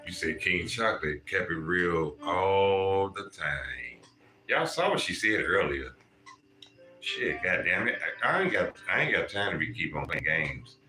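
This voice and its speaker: A man hosting a casual livestream and giving spiritual readings. He talks straight to his viewers in an animated, profane way. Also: deep voice, a little slow. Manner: animated, profane, addresses chat viewers directly. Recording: echoey room with music playing. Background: music.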